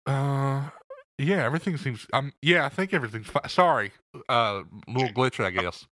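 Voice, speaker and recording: East Texas man, lively and bright. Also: mid-range voice, normal speed, dry recording. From Beaumont, Texas. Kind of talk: casual podcast chat. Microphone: headphones on a remote call.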